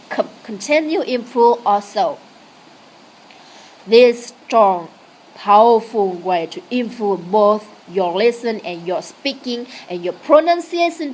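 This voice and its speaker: A woman whose first language is Vietnamese, teaching an English lesson in a slow, repetitive, encouraging way. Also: on the high side, a little mellow.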